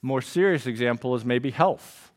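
A man preaching a sermon in a casual, conversational way, with slang and rhetorical questions, going quiet and slow on scripture and loud and quick in stories. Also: medium pitch. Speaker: pastor.

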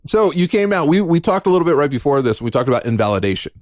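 A man hosting a podcast interview, chatting casually with a friend, playful and teasing with quick laughs. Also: on the high side, very animated, dry recording, studio quality. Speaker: podcast host.

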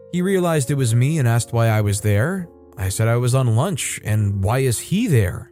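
A man's voice: medium pitch, darkish tone. A man reading online posts aloud and adding casual, offhand opinions between them. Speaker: story reader and commentator.

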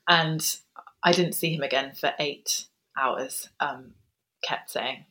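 Low-voiced woman, soft and halting. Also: poor audio. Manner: soft, hesitant, pausing with ums. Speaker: guest author. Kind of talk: reflective interview storytelling.

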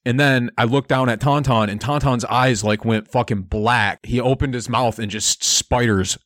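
A man playing a tabletop role-playing game, telling his character's story in an excitable, rambling way full of swearing. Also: mid-range voice, moderate pace, no room sound, clean studio sound. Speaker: player. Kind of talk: profane comedic tabletop role-play.

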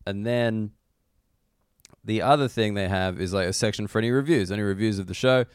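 Australian comedian, solo pod chat, self-deprecating, lowish pitch, dry close mic. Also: male voice, a little fast, clean tone, dry recording. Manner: rambling, self-deprecating, swears freely. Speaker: comedian podcast host. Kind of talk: casual solo podcast monologue. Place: corner of a hotel room.

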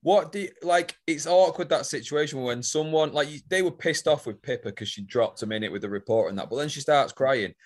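A man's voice: fairly high pitch, fairly quick, few pauses. A man co-hosting a podcast in casual chat, putting questions to the others and teasing them with lots of swearing. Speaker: podcast co-host.

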